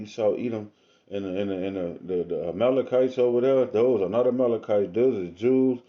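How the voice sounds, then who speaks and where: A man reading scripture aloud in a casual, slangy manner, with drawn-out asides between the verses, recorded on a phone or webcam. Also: deep voice, lo-fi sound. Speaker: self-styled preacher.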